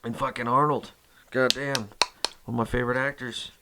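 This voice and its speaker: A man's voice: medium pitch, flat delivery, moderate pace, very noisy. A man hosting his metal music channel in a rambling casual chat, cursing constantly and full of fillers.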